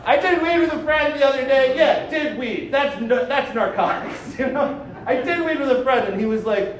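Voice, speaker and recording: High-voiced guy doing stand-up, swears a lot, laughs at his own bits, echoey room, sounds far off and noisy. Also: expressive, moderate pace. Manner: brash, profane, self-mocking, laughs at his own jokes. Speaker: stand-up comedian. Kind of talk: stand-up set. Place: comedy club stage. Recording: echoey club recording, heard from a distance, with noise. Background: audience laughter.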